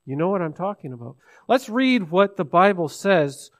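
A man preaching a sermon, asking the listeners questions and swinging between hushed asides and loud, stressed lines. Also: high-pitched, sing-song, normal speed.

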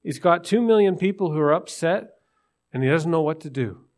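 A man's voice: on the high side, lively intonation, moderate pace, darkish tone. A man preaching to his congregation, retelling a scripture story and asking listeners questions. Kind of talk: sermon.

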